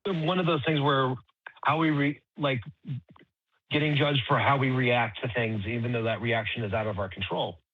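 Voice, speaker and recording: A mid-pitched man talks in a calm, reflective way on a casual show. His audio is dry and a little dull. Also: moderate pace, no echo. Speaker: co-host. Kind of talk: casual panel discussion.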